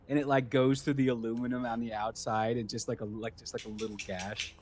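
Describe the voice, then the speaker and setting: A man's voice: mid-range voice, brisk, slight background noise. A man playing a tabletop role-playing game, chatting casually in a rambling way with many fillers. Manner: rambling, filler-heavy, animated. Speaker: player.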